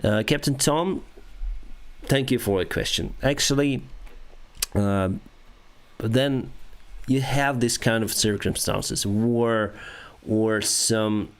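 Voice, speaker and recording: A man with a Ukrainian accent, hosting a casual livestream and answering viewers, with halting speech and frequent restarts. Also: fairly low pitch, clear, resonant tone. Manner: halting, many restarts and fillers, reads comments aloud. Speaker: airline pilot and livestream host. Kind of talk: casual livestream chat reading viewer comments.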